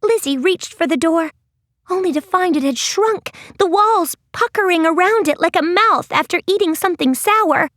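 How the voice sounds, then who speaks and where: A woman narrating an audiobook in a gentle, expressive storytelling voice. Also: very high voice, moderate pace, no echo, studio quality. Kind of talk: scripted narration.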